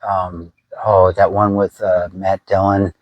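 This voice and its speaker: A man's voice: deep voice, flat delivery, slow pace, no echo, lo-fi sound. A middle-aged man chatting casually, chiming in with wry remarks. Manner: wry interjections. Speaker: co-host. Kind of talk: casual chat.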